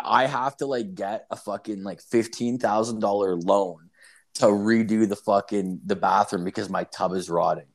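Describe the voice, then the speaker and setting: Profane rambling guy. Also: lowish voice. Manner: profane, rambling, heavy "like" filler. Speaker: podcast co-host. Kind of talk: crude casual chat.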